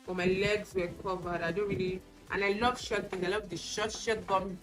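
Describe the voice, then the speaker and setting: A woman's voice: mid-range voice, steady tone, moderate pace, poor audio. Chatty woman vlogger over background music. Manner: chatty, candid storytelling; acts out quoted exchanges. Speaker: beauty vlogger. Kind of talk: casual get-ready-with-me chat. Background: music playing.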